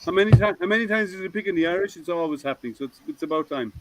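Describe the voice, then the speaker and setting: A man's voice: high voice, racing, noisy background. A man hosting a casual group video hangout, chatty and teasing, laughing often. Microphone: video call.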